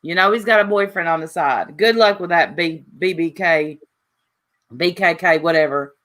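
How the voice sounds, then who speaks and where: A woman's voice: lowish voice, moderate pace, fairly bright tone. A woman streamer in a casual, teasing chat, laughing often and trash-talking.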